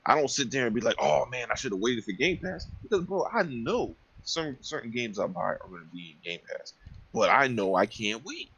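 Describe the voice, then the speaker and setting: A man's voice: mid-range voice, sing-song, brisk, a bit bright, breathy edge, rough recording. A man making his point on a casual gaming podcast, blunt, emphatic and profane.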